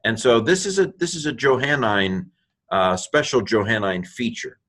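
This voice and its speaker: A man teaching a recorded Bible lesson, musing aloud with many fillers and restarts and spelling out Greek letters slowly one by one. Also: medium pitch, fairly bright tone.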